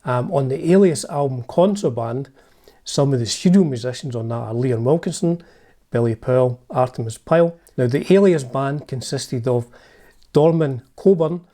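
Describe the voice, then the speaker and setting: A Scottish man with a mellow, dark-toned voice sits at mid pitch and tells a rock band's story like a keen fan. His talk is chatty and full of asides, easy to follow. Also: normal speed. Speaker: music channel host. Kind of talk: narrated music history video.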